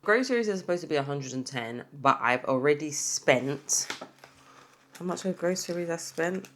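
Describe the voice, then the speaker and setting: An English budgeting vlogger rambles chattily through her weekly cash budget while counting the money, sounding tired and yawning. Her voice is deep and fairly bright, with lively intonation at a normal speed. There's slight background noise.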